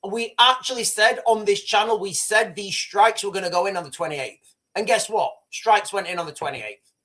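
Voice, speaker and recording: A man hosting a live news commentary stream, rambling and excitable with many restarts, boastful and opinionated. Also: high-pitched. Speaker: livestream host.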